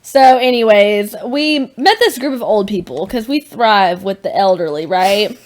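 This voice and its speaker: Woman, twenties, from Tennessee, podcast co-host, casual chat, laid-back, mid-pitched voice. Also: measured pace. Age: 20s.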